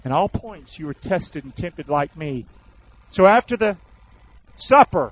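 A man preaching a sermon, calling on the congregation to answer back and swinging between shouts and hushed words. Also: a little high, animated, measured pace, pauses often, breathy edge. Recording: dull lo-fi recording.

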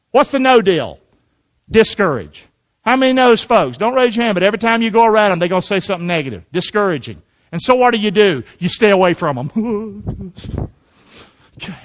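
High-voiced male pastor, lo-fi sermon. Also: expressive, a little fast. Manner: call-and-response preaching with frequent "amen?".

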